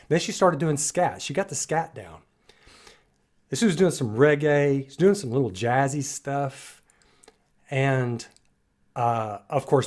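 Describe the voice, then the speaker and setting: A man reacting to a song, gushing with praise and restarting his sentences as he thinks aloud. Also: medium pitch. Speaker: reaction video host. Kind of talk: enthusiastic music commentary.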